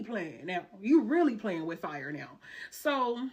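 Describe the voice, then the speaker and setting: A woman's voice: medium pitch, slow pace, breathy edge. A woman telling a dramatic personal story in a casual vlog, cursing freely and talking in slang. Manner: animated, profane, slangy storytelling.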